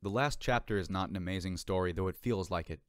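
A man narrating an audiobook in a measured, expressive reading, recorded by himself. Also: sits low, smooth, no echo, clean studio sound. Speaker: audiobook reader. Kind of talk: scripted narration. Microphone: home recording.

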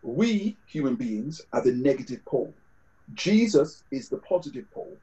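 A man's voice: medium pitch, sing-song, normal speed, warm tone, highs cut off. A man with a British accent preaching a sermon over a video call, conversational, with scripture quotes and fillers. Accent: British English.

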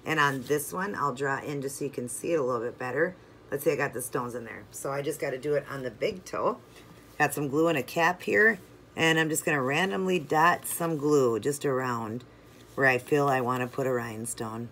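A nail art channel host talking viewers through each step of a toe design while working, chatty and relaxed, sometimes drifting away from the mic. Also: mid-range voice, a little fast, slight background noise. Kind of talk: step-by-step craft tutorial.

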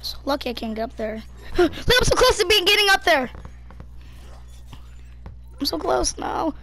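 A woman giving excited live commentary over an online game, yelling and laughing at her teammates. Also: extremely high pitch, normal speed, noisy background. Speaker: gamer.

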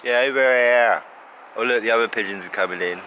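A man's voice: mid-range voice, fairly quick, bright, forceful tone, rough recording. A man, narrating a casual vlog outdoors in the rain while feeding pigeons, chatting fondly and laughing often as he calls the birds over. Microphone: handheld camera. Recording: outdoor camera audio with street noise.

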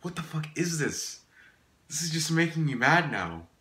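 Male gaming YouTuber, casual commentary, exasperated and profane, lively bright delivery, echoey room. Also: fairly high pitch, normal speed. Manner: exasperated, swears often, laughs at himself.

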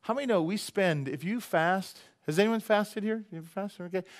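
A man's voice: high-pitched, a little fast. A middle-aged man preaching a sermon as pastor, conversational and joking, often asking the congregation questions.

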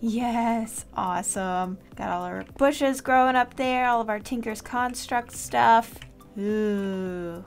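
A woman's voice: fairly high pitch, a bit bright. A woman hosting a game series, giving chatty, casual gameplay commentary and talking playfully to the animals in the game. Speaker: Minecraft series host.

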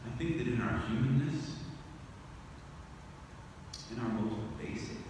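A man preaching a sermon as pastor, talking in a conversational way that swells into animated emphasis on key phrases. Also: mid-range voice, a little slow. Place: church sanctuary. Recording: echoey church hall from far off, faint noise.

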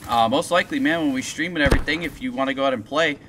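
A young man chatting on a live gameplay stream, excitable and profane, telling stories in slangy talk. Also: mid-range voice, rapid-fire, noisy background. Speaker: gaming streamer.

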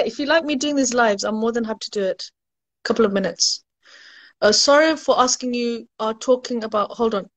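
A woman education recruiter chatting casually on a live stream, laughing at her own jokes and answering viewers' questions. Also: fairly high pitch.

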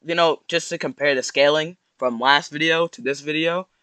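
A man's voice: fairly high pitch, steady tone, normal speed, bright, forceful tone, clean tone, dry recording. Rambling young man with slangy reaction chatter. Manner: rambling, slangy, mock-sorrowful. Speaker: YouTuber reacting to posts. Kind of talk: casual reaction commentary.

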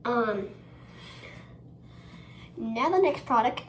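Animated and drawing out her words, a young woman with a slightly high voice chats casually in a get-ready-with-me vlog. Her rambling is full of fillers and giggles, recorded in an echoey room with ambient noise.

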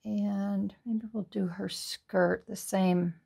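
A woman's voice: mid-range voice, steady tone, takes it slowly, creaky, mellow, slightly rough. A woman hosting a card-making tutorial, thinking aloud in a casual, musing way as she works. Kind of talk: casual crafting tutorial talk.

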